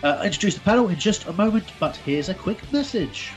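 A man's voice: high-pitched, animated, quick pace, over loud music. Guy hosting fan radio, rambly, lots of ums, kinda dull lo-fi sound. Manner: rambling, many fillers and restarts. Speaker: radio show host. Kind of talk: casual fan radio talk.

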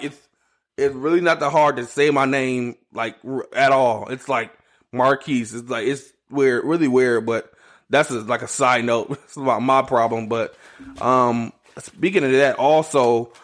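A man's voice: mid-range voice, fairly bright tone. Rambling young man telling history. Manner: rambling, many restarts and side notes. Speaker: podcast host. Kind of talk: casual solo history talk.

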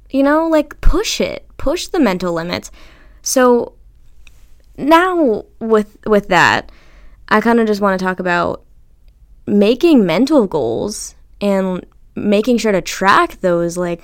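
A young woman hosting a casual solo podcast, chatty and animated, swearing freely and acting out what people said to her. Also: medium pitch, clear, resonant tone. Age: young adult. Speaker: podcast host.

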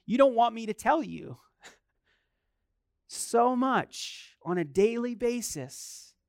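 A man's voice: very high-pitched, expressive, slow pace, gravelly, no echo, clean studio sound. A man preaching a sermon as a pastor, telling stories, asking rhetorical questions and acting out the voices he quotes.

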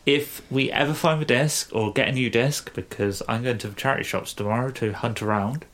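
A man's voice: mid-range voice, brisk, fairly bright tone. A tipsy man hosting a podcast, laid-back and laughing, swearing casually in chat with his wife. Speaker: podcast host.

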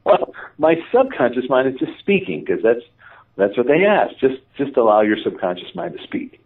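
A man tells his story with bouncing, expressive pitch and a wry, self-mocking edge, slipping into the voices of the people he quotes. He sounds thin and boxy through a phone line and sits a little away from the mic. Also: far from the mic. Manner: lively, self-mocking, quick asides, acts out dialogue. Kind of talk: animated personal storytelling.

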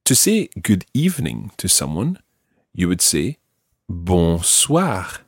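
Scottish male tutor, husky low voice, patient, dry close sound. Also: wildly swooping pitch, dry recording. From Scotland. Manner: clear, patient, repeats words slowly for the learner. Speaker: language teacher. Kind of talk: podcast language lesson.

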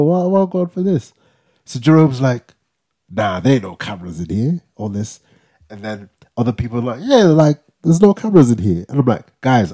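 A young man with a warm, medium-pitched voice co-hosts a podcast. He's animatedly retelling a story in a casual chat, slinging slang in the quoted parts and finishing lines with "yeah?"

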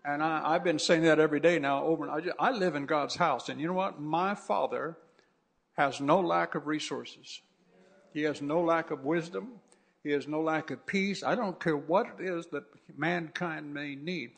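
A man's voice: fairly high pitch, normal speed, gravelly. A man who is a pastor, preaching a fervent sermon that repeats itself and often restarts.

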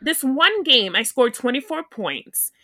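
Woman podcast co-host, bright lively voice, sniffly, swears, dry close sound. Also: high voice, a little slow, no room sound. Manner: animated storytelling, swears freely, acts out quotes. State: sniffly with a cold. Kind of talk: casual chat.

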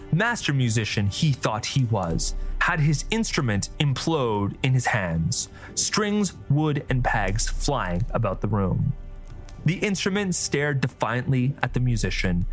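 A man reading a fantasy story as narrator in a theatrical, expressive way. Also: mid-range voice.

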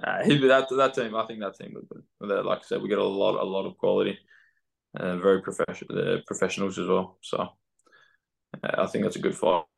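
A man's voice: low voice, gravelly. A young man with an Australian accent, chatting loosely as a footballer guest on a podcast, laughing easily. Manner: relaxed, laughing, halting with fillers. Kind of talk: casual podcast interview.

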